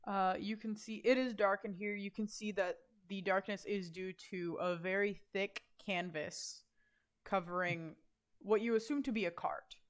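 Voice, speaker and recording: A woman's voice: mid-range voice, steady tone, normal speed. A woman narrating a tabletop game as game master, describing scenes loosely with lots of fillers.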